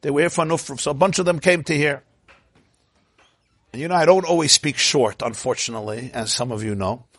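A man with a somewhat husky, slightly high voice leads an informal religious class. He talks in a chatty, digressive way, laughs often and keeps checking in with his listeners. The sound is dry and close. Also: brisk, no room sound. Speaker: rabbi teaching a class. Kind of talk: informal Torah class lecture.

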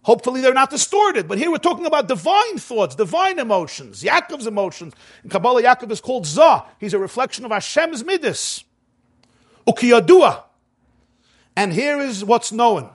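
A man teaching a Torah class. He reads the source text fast, translates it, then explains it with slow, emphatic phrasing and an occasional chuckle. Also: extremely high pitch, big pitch swings, slightly rough.

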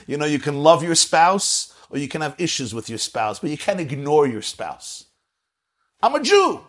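Animated, husky-voiced man giving a Torah lecture. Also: fairly high pitch, measured pace, pauses often. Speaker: rabbi.

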